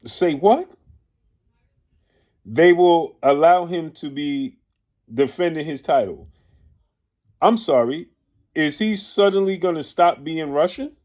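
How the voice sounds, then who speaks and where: A man's voice: fairly high pitch, darkish tone. A man giving opinion commentary on boxing, indignant and firing off rhetorical questions, sometimes stopping to correct himself or search for a word. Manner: pauses to correct himself and grope for words.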